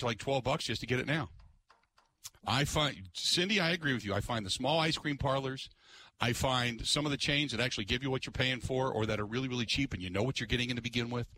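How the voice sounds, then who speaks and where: A man hosting a talk radio show, ranting in an exasperated, animated way and putting on mocking voices. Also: medium pitch, a little hiss or hum. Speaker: radio host.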